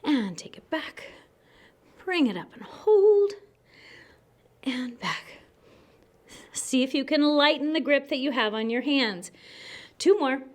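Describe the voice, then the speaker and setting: High-voiced woman cueing a Pilates workout. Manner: encouraging, cueing moves while exercising along. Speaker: Pilates instructor. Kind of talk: guided workout instruction.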